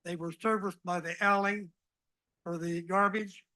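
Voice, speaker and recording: A man who manages property, making a halting request during public comment at a city council meeting. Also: high voice, fairly even intonation, pushed and bright, no room sound, rough recording. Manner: halting, filler-heavy request.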